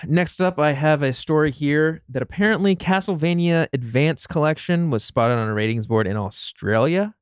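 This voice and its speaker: A man's voice: on the high side, normal speed, few pauses, smooth, dry recording, clean studio sound. A young man co-hosting a casual gaming podcast, reading news in a chatty way with many fillers and restarts.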